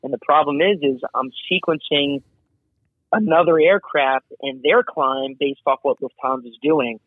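A fairly high-voiced man, an air traffic controller, talks through his work in a chatty, animated way, piling on asides and acting out radio calls. His voice arrives dry and tinny, as if over a phone line. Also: moderate pace, no room sound. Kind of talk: casual interview explanation.

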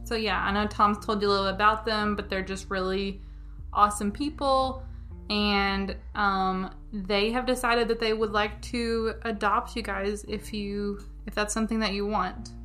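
A woman's voice: mid-range voice, level tone, moderate pace, bright, forceful tone. A woman playing a tabletop game, speaking to the game master and other characters. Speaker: player.

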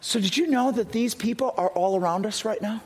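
A man's voice: high-pitched, fairly quick, slightly rough. A middle-aged male pastor telling a personal story in an earnest sermon, often restarting his sentences.

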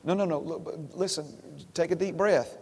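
A man's voice: a little high, normal speed, a little mellow, slightly rough, long reverb tail. A man preaching a sermon as pastor to his congregation, repeating phrases and asking them questions. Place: church sanctuary.

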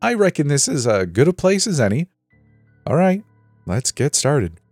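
A big scarred killer who sounds as cheery as a mall Santa, his voice pushed up high and bright, as a male narrator puts him on. He drops into a hissing whisper when he turns menacing. It is a horror story told aloud. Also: very animated, normal speed, slightly rough, no echo, faint music behind, full character voice. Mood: gleeful. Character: huge jolly scarred male killer, middle-aged.

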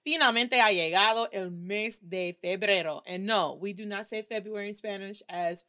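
A woman hosting a casual Spanish lesson, energetic and slangy, switching back and forth between English and Spanish. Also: mid-range voice, normal speed. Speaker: host and Spanish teacher. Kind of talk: upbeat casual language lesson.

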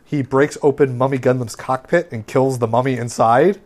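Regular guy podcasting, summing up an episode, lotta uhs and ums, mid pitch. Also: normal speed, darkish tone. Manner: rambling, filler-heavy summarizing. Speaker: podcast co-host recapping an anime. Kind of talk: casual recap chat.

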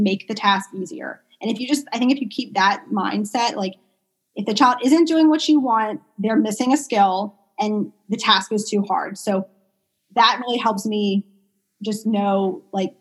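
A woman's voice: mid-range voice, breathy edge, low-quality recording. A young adult woman, a pediatric speech therapist, talking casually as an interview guest, chatty with many fillers. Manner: chatty, many fillers, animated retelling of stories. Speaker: pediatric medical speech-language pathologist, guest.

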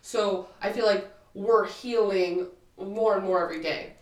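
A woman's voice: medium pitch, a little slow, distant mic. Blunt woman in her twenties, co-host, swears freely, a bit off-mic in an echoey room. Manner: blunt, profane and emphatic. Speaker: podcast co-host. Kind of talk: casual chat. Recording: roomy sound, a bit off-mic.

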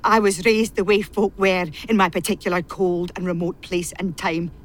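A woman's voice: on the low side, flat delivery, moderate pace, natural voice. An actress playing a bitter, repressed woman who has served a family since childhood, pouring out a venomous confession in a radio play.

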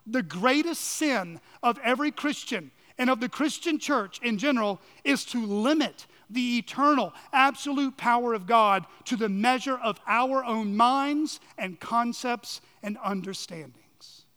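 A man's voice: very high voice, unhurried, hardly any pauses, pushed and bright. A male pastor delivering an earnest, emphatic sermon full of rhetorical questions, recorded in a church sanctuary. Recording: long reverb of a large hall.

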